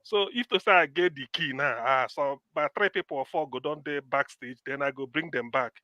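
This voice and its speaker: A man's voice: fairly high pitch, brisk, pushed and bright, no echo, dull audio. A man with a Nigerian accent moderating a live online political panel, firm and insistent, mixing in pidgin.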